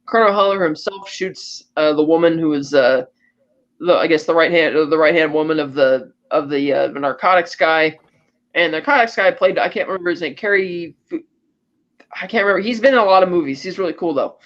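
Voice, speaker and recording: Male podcast host, high voice, animated casual recap, slightly muffled lo-fi sound. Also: brisk. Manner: animated storytelling, acting out lines of dialogue. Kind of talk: casual chat recapping a film.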